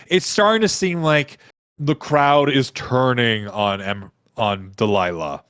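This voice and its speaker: A man at a middling pitch runs a tabletop game as game master, his voice rising and falling in a lively way. He talks casually with plenty of fillers. The sound is close and dry. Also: measured pace, dry recording. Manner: animated, casual narration with fillers.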